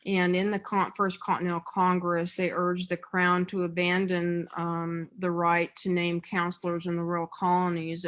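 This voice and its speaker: Woman leading a church history class. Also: on the low side. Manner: explanatory, frequent fillers and restarts. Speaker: adult forum leader. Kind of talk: church adult-education lecture.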